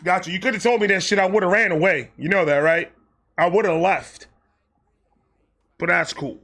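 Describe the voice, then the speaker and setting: A man telling a comedic personal story as host, animated and profane, acting out quotes along the way. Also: sits high, moderate pace.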